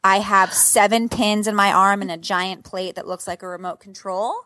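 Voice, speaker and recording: A woman's voice: mid-range voice, level tone, moderate pace, sharp tone, no room sound. A woman in her thirties telling a dramatic, profane story as a podcast co-host. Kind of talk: casual chat.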